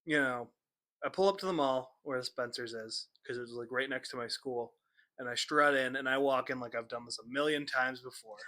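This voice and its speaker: A young man co-hosting a podcast, telling funny stories in a casual, animated way and acting out the people he quotes. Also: mid-range voice, brisk. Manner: animated, acts out quotes with laughter. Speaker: podcast co-host. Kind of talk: casual storytelling chat.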